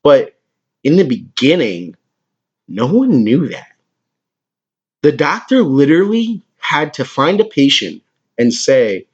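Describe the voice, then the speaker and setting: A man in his twenties hosting a comedic podcast, with a crude, excitable way of talking and a lot of swearing. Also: mid-range voice, slow pace, pauses often, breathy edge, highs cut off. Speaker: podcast host.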